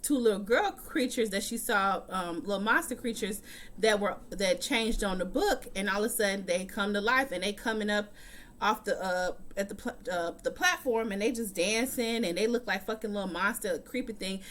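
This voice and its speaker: A woman's voice: medium pitch, moderate pace, fairly bright tone, slight background noise. A woman recapping a TV episode in a casual, chatty vlog from a room at home, talking bluntly and swearing often. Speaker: TV recap vlogger.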